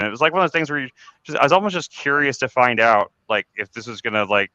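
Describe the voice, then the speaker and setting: An animated man in his forties with a medium-pitched, pushed, bright voice talks fast on a casual group podcast he hosts; the recording has no room sound but the highs are cut off. He tells candid, confessional stories, rambling through many restarts and swearing freely when he relives his anger.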